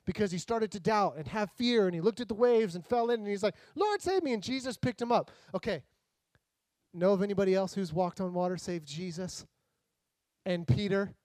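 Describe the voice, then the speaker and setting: High-voiced animated man preaching. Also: a little fast, dry recording. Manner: animated, jokey, acts out voices. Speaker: pastor. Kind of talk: casual sermon.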